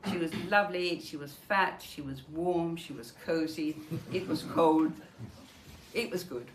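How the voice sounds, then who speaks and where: A woman's voice: sits low, measured pace. An older woman from Denmark telling her own wartime memories in a vivid storytelling manner, acting out the dialogue. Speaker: Holocaust survivor giving a talk. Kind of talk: personal memoir talk. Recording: echoey room with faint noise.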